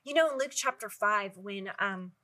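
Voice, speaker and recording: A woman's voice: medium pitch, moderate pace, bright, forceful tone. A woman, a guest author on a faith talk show, speaking in an earnest, preacherly way and quoting scripture.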